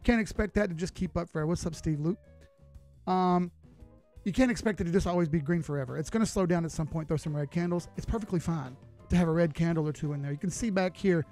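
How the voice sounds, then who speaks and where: A man's voice: high-pitched, fast talker, darkish tone, soft background music. A man giving live chart analysis on a stream, talking casually and greeting viewers as he goes. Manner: casual, folksy, chats with viewers while reading charts.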